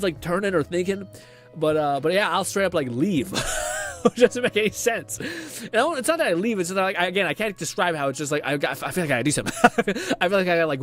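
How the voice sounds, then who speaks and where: Young dude streamer just rambling, lots of swearing and laughs, kinda high voice, light music playing under. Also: male voice, a bit bright. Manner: rambling, profane, laughs often, lots of fillers. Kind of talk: casual chat to stream viewers.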